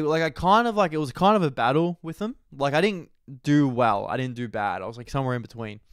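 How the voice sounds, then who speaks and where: A young man, a stand-up comedian, tells a meandering backstage story, cursing freely and piling on fillers. His voice is smooth and clear, at a middling pitch. The sound is dry and close. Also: no echo. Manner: swearing, rambling, filler-heavy storytelling. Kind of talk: casual storytelling chat.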